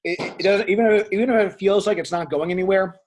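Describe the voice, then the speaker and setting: High-voiced calm male coach. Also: fast talker, a little hiss or hum. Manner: calm, reassuring, low-key. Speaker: powerlifting coach. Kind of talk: casual coaching and interviewing.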